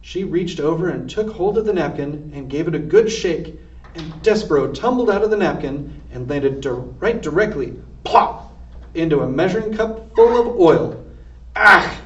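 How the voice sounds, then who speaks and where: A man's voice: on the high side, moderate pace. A man reading a children's storybook aloud expressively. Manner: expressive read-aloud narration. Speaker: reader. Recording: distant roomy lo-fi recording.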